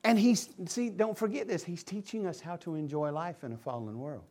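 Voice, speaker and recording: A man preaching a sermon as pastor, impassioned and swinging between loud emphasis and hushed asides. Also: high voice, moderate pace.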